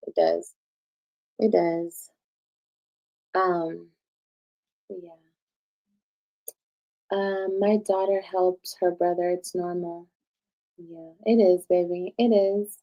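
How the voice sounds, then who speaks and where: A woman's voice: fairly low pitch, steady tone, extremely slow, pauses often, dull audio. A woman in her thirties talking on a livestream, defensive and explaining herself, with the odd cuss word. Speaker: livestreamer being reacted to. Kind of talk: casual livestream talk.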